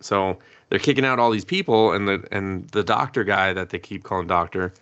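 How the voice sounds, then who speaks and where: A man with a fairly low voice talks through a plot recap on a podcast, rambling loosely with plenty of "like" and "um" and the odd swear word. The audio is dull and lo-fi, as if on a modest home podcast setup. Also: moderate pace, fairly bright tone. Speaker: podcast co-host. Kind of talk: casual chat recapping anime.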